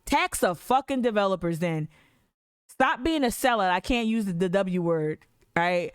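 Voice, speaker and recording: A woman's voice: medium pitch, expressive, normal speed, clean tone. A woman hosting an activist podcast, reading articles aloud and breaking off into profane, fired-up rants. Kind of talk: casual livestream commentary.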